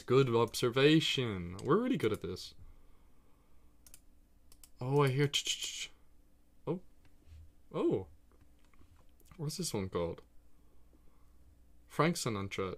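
Streaming a geography guessing game live, a man talks casually and excitably to himself and his viewers, swearing freely. His voice is medium-pitched.

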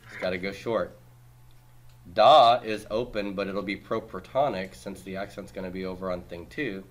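A man teaching a class, reviewing homework by asking brisk questions and cracking dry jokes. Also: sits low. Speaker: Hebrew teacher.

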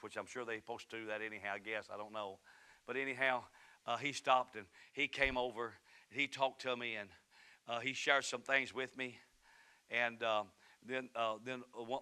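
Speaking from a church sanctuary, this middle-aged pastor with a Southern US accent moves from loud, impassioned preaching to gentle storytelling. He has a mid-range voice.

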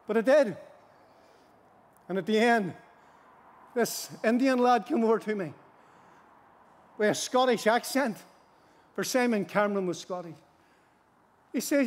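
High-voiced male preacher, earnest, repeats for emphasis, reverberant tent. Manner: earnest, repeats phrases for emphasis, slows for scripture. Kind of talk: tent mission sermon. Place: large gospel tent.

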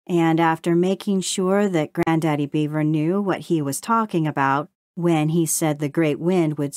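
A woman narrating a children's storybook in a slow, measured way. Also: sits low, a little mellow, dry recording, studio quality. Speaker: audiobook narrator.

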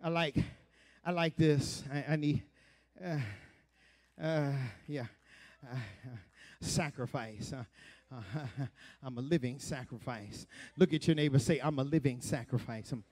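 A pastor preaching a sermon and telling a story, with lots of repetition, call and response with the congregation, and now and then bursts of shouting. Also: male voice, medium pitch, slow pace, long pauses. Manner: animated storytelling, laughs often.

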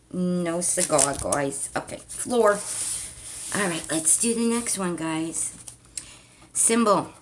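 Woman, vlogger, slow chatty delivery, slightly low voice, faint background noise. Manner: chatty, talks to viewers as "guys", mild cursing. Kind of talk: casual chat to viewers while playing a scratch-off card.

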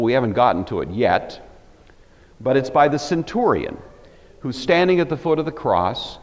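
A man teaching a Bible lecture, telling the story with animated emphasis. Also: fairly high pitch, long reverb tail.

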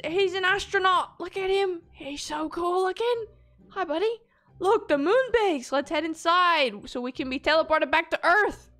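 A woman giving excitable commentary while playing a video game, gasping and squealing at every obstacle. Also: extremely high pitch. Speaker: gaming video creator. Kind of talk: playthrough commentary.

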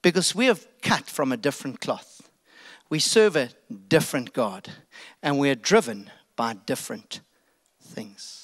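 A middle-aged South African pastor with an animated, casual, jokey storytelling sermon manner. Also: male voice, medium pitch, measured pace.

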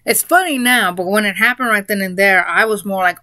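Giggly bright-voiced woman vlogging. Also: mid-range voice, normal speed, hardly any pauses, no echo. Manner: giggly, breaks into laughter mid-sentence; rambling, with fillers and restarts. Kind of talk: casual spoken monologue.

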